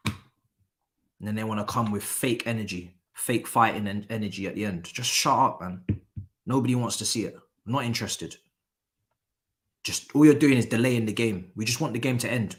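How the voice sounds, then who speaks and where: A man's voice: fairly low pitch, normal speed, fairly bright tone. A man with hosting a live football watchalong, angry and swearing in a repetitive rant.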